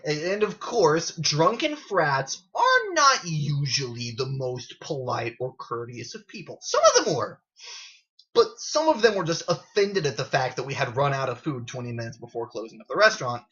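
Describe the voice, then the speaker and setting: Man, casual unscripted storytelling, sarcastic, swears a lot, bright sharp tone, muffled camera-mic sound. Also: fairly high pitch, normal speed. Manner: animated and sarcastic, swears freely. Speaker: gaming video creator. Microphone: built-in camera mic.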